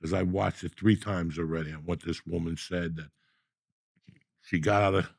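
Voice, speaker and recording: A middle-aged man tells his stories with a rough, gravelly rasp in a lowish register. He gets animated and profane as he talks. The sound is close and dry, with no room around it. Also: normal speed, no echo. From New Jersey. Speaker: podcast host. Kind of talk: storytelling in casual chat.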